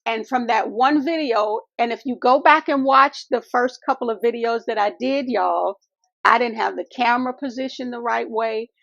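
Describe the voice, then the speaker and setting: A woman's voice: fairly high pitch, normal speed, gravelly, a bit bright, no room sound. A woman vlogger talking to her viewers in an earnest, faith-filled way, calling them y'all and honey. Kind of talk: heartfelt casual vlog talk. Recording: dull lo-fi dry sound.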